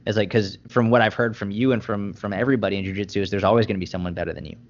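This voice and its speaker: A man's voice: fairly low pitch, steady tone, very fast. A man who is a fitness coach, a guest on a podcast, talking earnestly and using "like" a lot. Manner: earnest, filler-heavy with "like". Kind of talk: casual podcast chat. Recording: dull lo-fi podcast audio.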